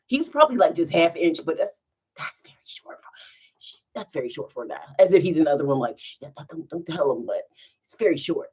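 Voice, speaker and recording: A woman's voice: deep voice, fast, breathy edge. A woman telling funny stories to her live viewers in a casual storytime, giggling and breaking into laughter as she goes. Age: adult with children. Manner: giggly, animated, bursts into laughter.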